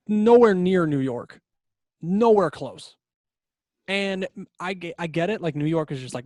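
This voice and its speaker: A young man with a high voice co-hosts a casual podcast, telling a story animatedly and laughing often. He speaks at a moderate pace, and the studio sound is clean with no echo.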